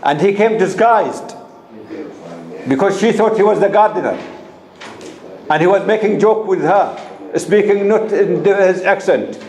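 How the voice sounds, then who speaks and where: Slow-talking man teaching a class. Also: high-pitched, a little mellow. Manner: asks the class questions and repeats key terms. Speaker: instructor. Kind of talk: classroom lecture. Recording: echoey room with faint noise.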